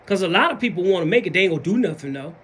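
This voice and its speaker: A man's voice: sits high, animated, rapid-fire, a bit bright, breathy edge. A man with a Southern US accent talking casually in a motivational vlog, acting out other people's mumbled excuses. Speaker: vlogger.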